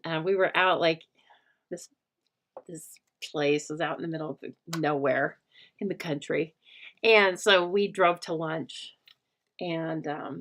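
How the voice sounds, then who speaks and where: A middle-aged woman hosts a casual craft livestream, chatting with viewers as she demonstrates. Her voice sits on the low side and is a bit bright, with slight background noise. She rambles and laughs often.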